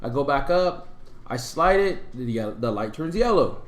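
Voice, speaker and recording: A man on a podcast casually telling a long, rambling story, full of fillers and animated retellings. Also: mid-range voice, normal speed. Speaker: podcast co-host. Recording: roomy echo.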